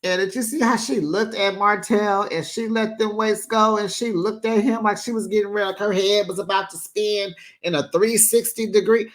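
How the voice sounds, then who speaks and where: A host recapping a reality show in a casual, chatty way, with playful shade and lively asides. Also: mid-range voice, moderate pace, few pauses. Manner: animated, chatty, playfully shady.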